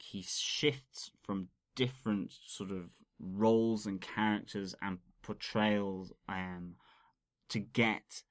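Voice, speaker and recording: A man with a slightly low voice talks enthusiastically as a podcast co-host. He explains scenes and slang at an easy pace, with the odd "um" along the way. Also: no room sound, clean studio sound. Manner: enthusiastic and explanatory, describing scenes with some fillers. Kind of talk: casual podcast chat.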